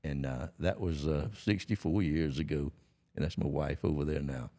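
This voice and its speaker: A man's voice: extremely low pitch, moderate pace, warm tone. A man, telling a story as a podcast guest in a folksy, laughing way. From Georgia, USA. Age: 80s. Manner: folksy, laughing often, plain rural grammar. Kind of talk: storytelling in a casual interview.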